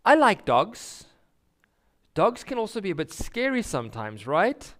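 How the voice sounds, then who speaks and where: A man's voice: high-pitched, measured pace. A man telling a story to a church congregation, acting out the characters as he goes. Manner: animated storytelling with voiced characters. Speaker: speaker giving a children's story. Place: church sanctuary.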